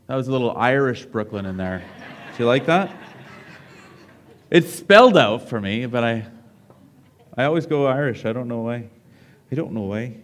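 A man's voice: mid-range voice, lively intonation, moderate pace, pauses often. A middle-aged male pastor giving a sermon, reading a story aloud with drama and asking the congregation questions.

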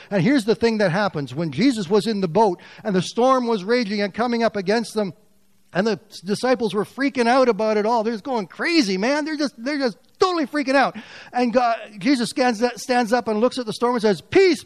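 A man preaching a sermon as pastor, swinging from loud, raised passages to quiet, near-whispered lines. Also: high-pitched, dry recording.

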